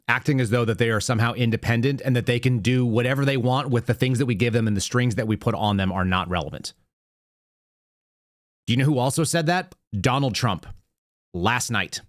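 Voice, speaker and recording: A man's voice: medium pitch, no room sound, studio quality. A man hosting a political commentary show, sarcastic and heated, reading quotes aloud with emphasis. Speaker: show host.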